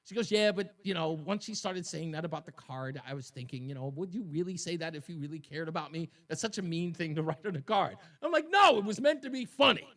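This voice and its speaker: A man in his fifties hosting a talk radio show, telling a story in an animated way and laughing at his own jokes. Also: fairly high pitch, fairly quick, few pauses. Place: radio studio.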